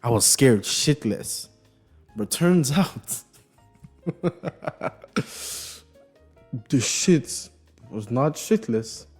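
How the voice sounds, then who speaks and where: A young man in his early twenties telling a comedic story, animated, swearing freely and laughing through his lines. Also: medium pitch, extremely slow, pauses often, husky, soft background music.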